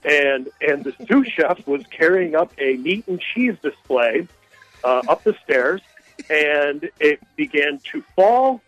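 A man's voice: a little high, animated, slow, fairly bright tone, no echo, faint music behind. A male caller telling a long story on a radio call-in show, rambling and hesitant with many fillers. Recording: dull, dry phone line.

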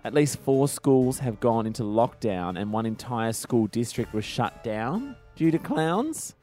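A man's voice: mid-range voice, very animated, unhurried, dark tone. A man with an Australian accent co-hosting a radio show, joking playfully and reading out facts, with faint music behind. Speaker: radio co-host. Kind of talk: casual radio banter.

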